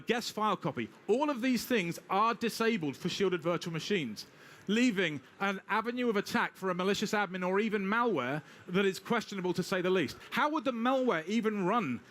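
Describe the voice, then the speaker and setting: A British man giving a live technical talk with a demo, brisk and wry, talking straight to the audience. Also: high-pitched, fairly bright tone. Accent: British English. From Britain. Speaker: technical presenter.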